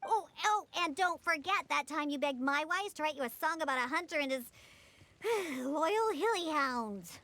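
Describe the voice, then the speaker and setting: An exasperated young girl from a fantasy game, scolding her father with a teasing edge. Her voice rides high and swoops with lively inflection. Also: normal speed, exaggerated voice. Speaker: game character, daughter.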